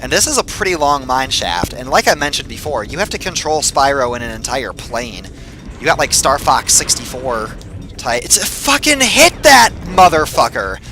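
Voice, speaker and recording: A young man giving casual gameplay commentary, excitable and quick to swear and yell when he gets frustrated. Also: medium pitch, music in the background.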